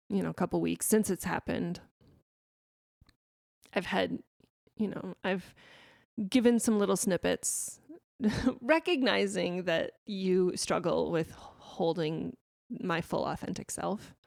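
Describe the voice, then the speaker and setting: A woman in her thirties hosting a podcast, talking candidly and reflectively, with frequent restarts and soft laughs. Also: fairly low pitch, vocal fry, no room sound, studio quality. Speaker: podcast host. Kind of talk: candid conversational podcast talk.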